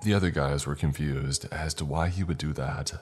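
A man with an extremely deep voice reads a first-person horror tale. He keeps an even, measured storytelling pace throughout. Faint music plays quietly underneath. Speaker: narrator. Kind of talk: scripted horror story narration.

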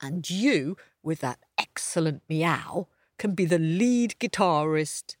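Storybook donkey, male, pompous and jolly, lower than the woman's own voice, dry close sound. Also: lively intonation, slow pace, no room sound. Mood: hearty. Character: cheerful boastful male donkey.

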